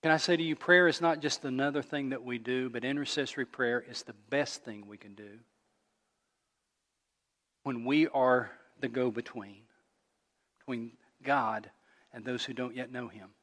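A male pastor preaching a sermon, telling a story and rising louder and higher at its emotional peaks. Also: steady tone, moderate pace, pauses often, big-room sound.

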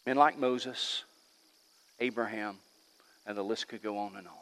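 A man preaching a sermon as pastor in a church, swinging between loud emphatic lines and hushed ones. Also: lowish voice, unhurried, slight background noise. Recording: long reverb of a large hall.

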